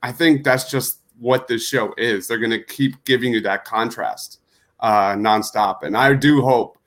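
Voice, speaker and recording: A man guesting on a podcast, chatting casually and enthusiastically in quick bursts. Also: medium pitch, fairly even intonation, a bit bright. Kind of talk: casual chat.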